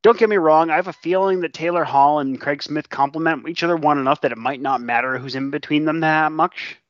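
A man co-hosting a casual podcast, analytical and halting with many restarts, swearing casually. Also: fairly high pitch, fairly bright tone, dry recording. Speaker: podcast co-host. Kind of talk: casual chat. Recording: dry, dull lo-fi mic.

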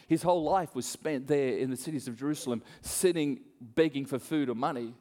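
Telling a story from the pulpit, a pastor moves briskly in a medium-pitched voice, acting out characters and laughing often. The sermon echoes with long hall reverb.

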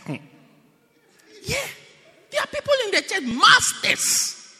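A man preaching a sermon to a congregation in an animated, playful, teasing way, heard with long reverb in a church hall. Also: very high voice, moderate pace, background noise.

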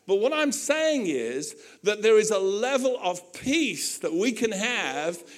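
A male pastor preaching a sermon to his church, animated and conversational, with humorous asides and acted-out quotes. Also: sits high, takes it slowly.

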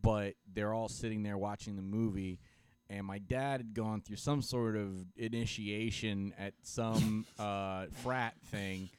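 A man's voice: fairly low pitch, steady tone, unhurried, clear, resonant tone, no room sound. A young man co-hosting a podcast and telling family stories in a rambling way, with lots of restarts. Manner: rambling storyteller, many restarts. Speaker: podcast co-host. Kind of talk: casual chat. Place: podcast studio.

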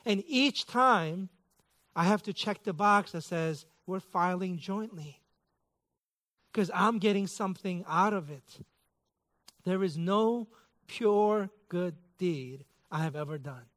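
High-voiced man preaching a sermon. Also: slow pace, a bit bright. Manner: self-deprecating storytelling with mock outrage. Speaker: pastor.

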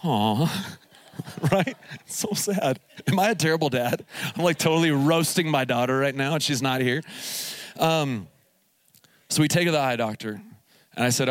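A man in his forties preaching to a camp crowd in an animated, storytelling way, jumping up in pitch as he acts out conversations. His voice sits in a middle register and sounds dry and close to the mic, with little room echo. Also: a little slow, pauses often. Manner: animated storytelling, acting out dialogue. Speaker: pastor. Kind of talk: live sermon at a youth camp. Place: camp meeting hall.

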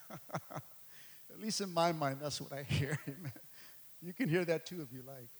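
A man preaching a sermon to his congregation, repeating phrases and building to loud, impassioned peaks. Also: on the high side, measured pace, husky. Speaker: pastor. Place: church hall. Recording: long reverb of a large hall.

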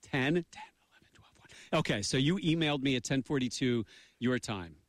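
A man's voice: medium pitch, lively intonation, moderate pace, no room sound. A middle-aged man co-hosting a radio show, joking around in goofy, mock-pompous banter.

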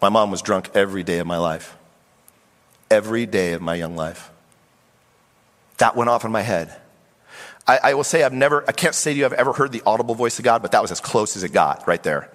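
A middle-aged man preaching a sermon as pastor, animated and acting out voices of Bible figures. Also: fairly low pitch, a little fast, long pauses. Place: church sanctuary. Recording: long hall reverb.

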